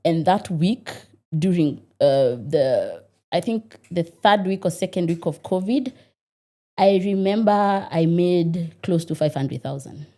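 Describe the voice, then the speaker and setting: A Kenyan woman, a restaurant owner, telling her story in a casual interview, animated and laughing often. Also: fairly low pitch, slow.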